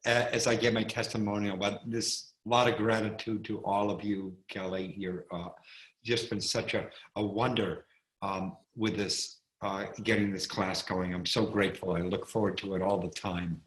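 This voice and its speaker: Man, lowish voice, hesitant, soft-spoken, fillers, video call, echoey room. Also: level tone, normal speed. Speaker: class participant. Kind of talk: thankful group testimonial.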